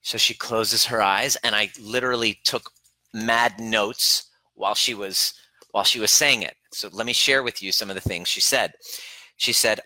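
A man's voice: fairly low pitch, fairly even intonation, normal speed, sharp tone, dry recording, poor audio. A man working as a relationship coach who speaks earnestly and emphatically, retelling a client session in quoted dialogue and addressing the listener directly. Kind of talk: coaching talk to camera.

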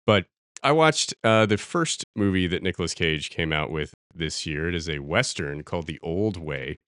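A man's voice: low voice, animated, moderate pace, fairly bright tone, smooth, no echo, studio quality. A man co-hosting a podcast, chatting casually about a film he watched, rambling and laughing at the parts he describes. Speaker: podcast co-host. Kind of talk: casual film review chat.

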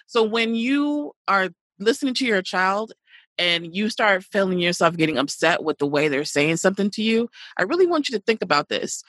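A woman with a bright, forceful tone talks as a guest over a call. She is outspoken and emphatic. The sound is dry and close. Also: mid-range voice, expressive, moderate pace, no room sound. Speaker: parenting guest. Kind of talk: casual conversational interview.

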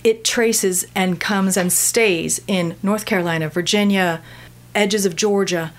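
A woman's voice: mid-range voice, steady tone, measured pace. A woman dialect coach from the United States, explaining how vowel sounds work. She speaks in a mid-range voice and sounds out each example as she teaches on a radio program.

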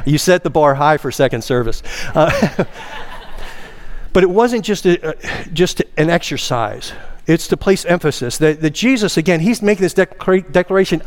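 This sermon comes from a pastor whose voice is expressive and moderately paced. In the sanctuary he presses on key words, his pitch climbing, and leads his congregation in call-and-response.

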